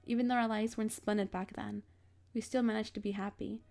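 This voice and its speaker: A tired young heroine speaks softly and earnestly, read by a woman playing through a visual novel. There is a touch of fry in the voice and faint music behind. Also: mid-range voice, level tone, brisk, lightly acted.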